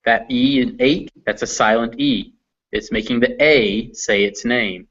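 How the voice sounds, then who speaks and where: A man teaches English vowel sounds at an unhurried, deliberate pace, pausing on each example word. His voice sits in a middle register. The audio is dull and lo-fi. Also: medium pitch, fairly bright tone. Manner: patient, spells out example words one by one. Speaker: English pronunciation tutor. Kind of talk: slow explanatory teaching. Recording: muffled lo-fi audio.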